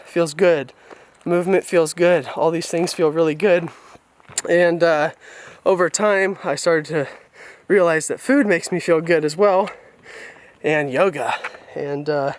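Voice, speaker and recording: A young man from California tells personal stories openly while walking outdoors. His voice sits slightly high for a man and comes through smooth and crisp. He sounds reflective and unguarded, picked up by the microphone on his handheld camera. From California, USA. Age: young adult. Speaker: vlogger. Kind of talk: candid personal storytelling. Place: outdoors on a rural family property. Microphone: camera mic on a handheld tripod.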